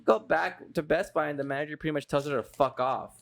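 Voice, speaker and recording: A man's voice: on the high side, brisk, gravelly. A man co-hosting a casual podcast, telling a heated story full of swearing. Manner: heated, profane ranting storyteller. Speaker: podcast co-host. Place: indoors, podcast recording.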